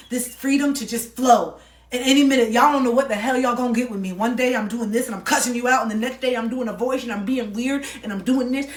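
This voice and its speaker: Loose-talking woman, roomy and distant. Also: on the high side. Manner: loose, profane, free-flowing. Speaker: spiritual coach and tarot reader. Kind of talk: casual livestream reading.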